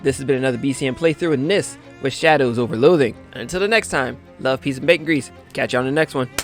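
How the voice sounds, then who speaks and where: An excitable man hosting a let's-play, chatting upbeat at a medium pitch. Faint music plays underneath his voice. He keeps things casual and energetic. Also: quick pace. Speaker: gaming channel host.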